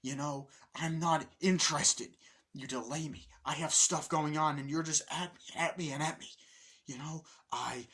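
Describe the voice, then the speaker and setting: A man acting out a furious, uptight businessman at his breaking point, in a high, strained, ranting voice. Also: steady tone, moderate pace, natural voice. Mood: exasperated rant. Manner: shouting rant, high and strained.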